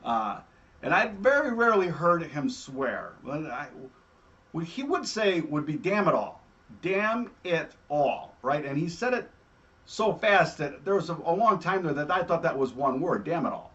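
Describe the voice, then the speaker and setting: A man hosting a show, telling stories in a casual, animated way and often adding "all right?". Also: a little high, normal speed, dull audio. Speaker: host. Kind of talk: casual storytelling.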